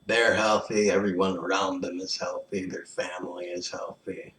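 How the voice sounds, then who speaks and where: A man's voice: deep voice, level tone, normal speed, hardly any pauses, fairly bright tone, a little hiss or hum. A man rambling in a casual monologue, sardonic and crude, often mumbling his asides. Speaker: vlogger. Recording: roomy echo, faint background ambience.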